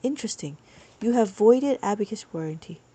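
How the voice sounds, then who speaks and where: A woman's voice: medium pitch, animated, a little fast, mellow, breathy edge. A woman teaching abacus on a live stream, chatting with viewers and reading their comments aloud.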